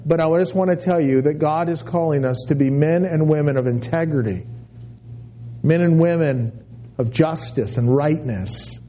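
A high-pitched man preaching a casual, chatty sermon with a mellow, warm tone. He stumbles and repeats himself and slips into little acted voices for what people think. The recording sounds a bit dull and lo-fi. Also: moderate pace. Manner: conversational preaching with many restarts and acted-out inner voices. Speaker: pastor.

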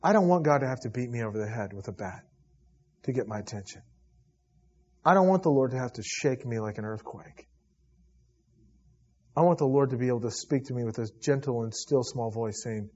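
Husky-voiced man preaching a sermon. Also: mid-range voice, lively intonation, brisk, pauses often, dull audio. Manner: preaching with swells from loud to hushed. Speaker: pastor. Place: church service.

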